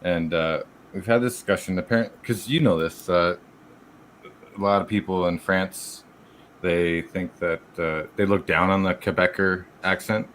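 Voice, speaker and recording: A low-voiced man co-hosts a relaxed online chat, steering the conversation to the next topic. A faint background hiss runs under him. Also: moderate pace. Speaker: co-host. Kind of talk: casual chat.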